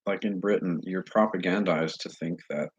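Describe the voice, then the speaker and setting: A man talking straight to his viewers in a casual monologue, earnest and halting as he searches for words. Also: sits low, steady tone, husky, dry recording. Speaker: vlogger addressing viewers. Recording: dull lo-fi recording.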